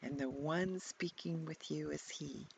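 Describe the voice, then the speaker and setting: A gentle, measured Jesus speaks face to face, read by a woman. The pace is slow, with a gravelly texture. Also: sits low, a little hiss or hum.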